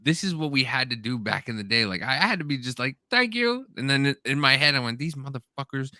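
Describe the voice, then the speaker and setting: A podcast co-host chats casually, telling stories in an animated way and acting out his family members in raised voices. His mid-range voice is bright and forward, and he talks fast. The sound is dry and close with no room sound.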